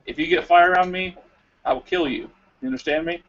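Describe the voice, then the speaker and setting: A man's voice: high voice, a little fast, fairly bright tone, muffled recording. A man voicing a crude, boastful man who owns slaves, stammering and blustering over online voice chat. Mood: threatening.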